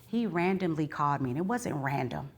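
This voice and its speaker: A woman's voice: deep voice, lively intonation, fairly quick. A woman sharing a personal testimony live at a book signing, talking earnestly and straight to her audience, sometimes rising into fervent preaching. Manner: earnest, addresses the audience directly.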